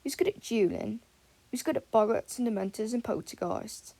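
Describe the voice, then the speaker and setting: A woman's voice: on the high side, fairly quick, creaky. A woman reading a shy, hesitant teenage wizard boy. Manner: quiet and hesitant.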